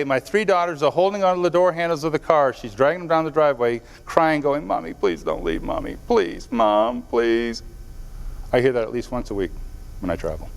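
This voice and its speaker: Speaking earnestly to a live crowd, a man delivers a motivational speech in a clear, resonant voice that sits on the high side. He tells stories and talks straight to his listeners, with long reverb from the hall filling the recording.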